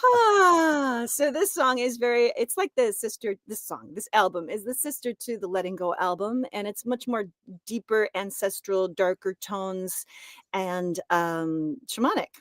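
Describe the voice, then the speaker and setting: A woman's voice: medium pitch, a little slow, a bit bright, no room sound. Woman singer talking about her songs, eager and laughing a lot, dry close mic. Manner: enthusiastic, laughs often. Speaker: guest singer-songwriter. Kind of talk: casual interview chat.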